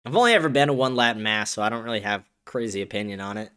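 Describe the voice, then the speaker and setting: A man hosting a podcast in casual chat, excitable and profane, often laughing as he reads and answers viewer comments. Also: lowish voice, very fast, clean tone. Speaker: podcast host.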